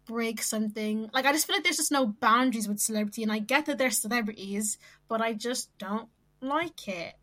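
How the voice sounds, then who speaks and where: Woman co-host rambling through celeb gossip talk, lots of "like", bright tense tone. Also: fairly high pitch, fairly quick. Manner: hesitant, full of "like" and trailing restarts. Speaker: podcast co-host. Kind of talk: casual chat.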